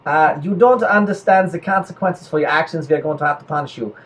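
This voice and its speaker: A man voicing a stern, exasperated German wartime officer who gives slow, over-patient, mock-formal warnings. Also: on the high side, far from the mic, a little hiss or hum, close to an everyday voice.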